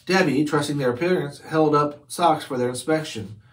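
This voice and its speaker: A man's voice: a little high, moderate pace. Man reading a chapter book aloud. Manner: steady storytelling narration. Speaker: read-aloud host. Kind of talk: children's book read-aloud.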